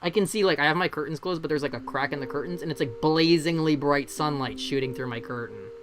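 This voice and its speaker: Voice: mid-range voice, quick pace, background noise. Chatty forty-something streamer, swears freely. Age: 40s. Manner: chatty, self-deprecating, swears freely, laughs often. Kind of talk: casual live-stream chat. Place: bedroom.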